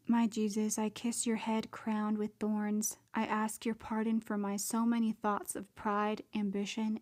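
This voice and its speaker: Woman reading prayers in an even tone. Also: medium pitch. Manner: earnest and prayerful. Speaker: devotional reader.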